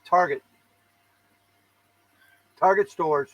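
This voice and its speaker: A man's voice: sits high, drawn-out words, no room sound, lo-fi sound. A middle-aged man co-hosting a casual news chat, joking, swearing and laughing as he goes. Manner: joking and profane, laughs often. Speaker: co-host.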